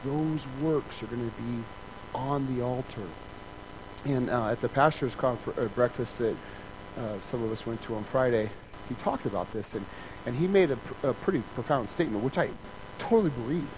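A man's voice: mid-range voice, moderate pace, background noise. A man preaching a sermon in a conversational way, acting out little scenes with voices and sound effects and often asking "right?". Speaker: pastor.

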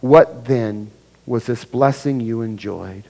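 A man's voice: mid-range voice, slow, vocal fry, dark tone. A male pastor preaching a sermon, explaining scripture verse by verse and acting out the quoted dialogue. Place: church sanctuary. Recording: long hall reverb.

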